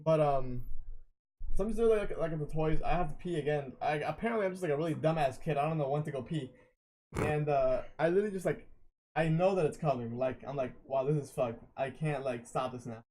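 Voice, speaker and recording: A man's voice: fairly high pitch, fast talker, a little mellow, slight background noise, rough recording. A young man telling rambling stories on a casual late-night podcast, swearing often. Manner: rambling storyteller, swears a lot. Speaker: guest.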